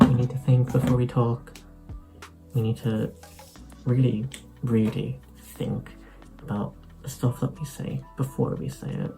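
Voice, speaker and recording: Gravelly young man rambling. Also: mid-range voice, low-quality recording. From Ireland. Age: young adult. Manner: rambling, loose, sarcastic asides. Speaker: YouTuber. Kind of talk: casual unscripted vlog talk.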